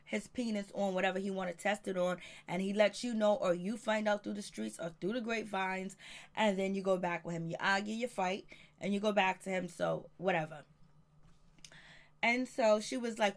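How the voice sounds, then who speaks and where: A woman giving a casual, outspoken reality TV recap, chatty and profane, quoting the cast in quick snippets. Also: mid-range voice, fairly even intonation. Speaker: show reviewer.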